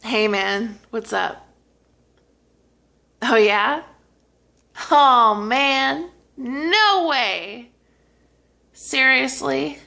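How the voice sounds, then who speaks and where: A woman's voice: high-pitched, lively intonation, very slow, vocal fry, long pauses, bright, forceful tone, heavily acted. A woman voicing a bored young male store clerk chatting on a walkie-talkie. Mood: chatty. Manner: casual, chatty.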